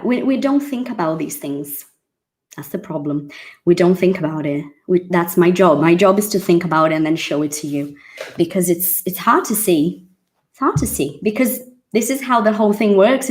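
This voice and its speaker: A woman's voice: lowish voice, animated, moderate pace, darkish tone. A woman in her thirties from Brazil, teaching English in a chatty, emphatic monologue and acting out the voices she quotes.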